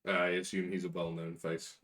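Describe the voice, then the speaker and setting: A man's voice: low voice, completely flat delivery, normal speed, fairly bright tone. A man playing a tabletop game, chatting and joking with the table. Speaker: player. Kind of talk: casual tabletop play.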